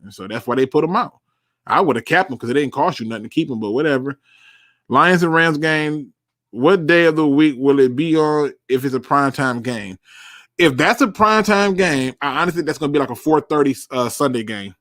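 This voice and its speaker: A man's voice: a little high, expressive, a little fast, fairly bright tone, no echo, clean studio sound. A young man hosting a live sports talk show, bluntly answering chat questions and repeating words for emphasis.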